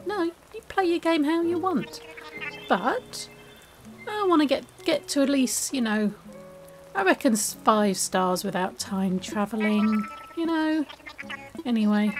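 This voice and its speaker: An English woman giving chatty, excitable, self-mocking let's-play commentary as a gaming YouTuber. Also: fairly high pitch.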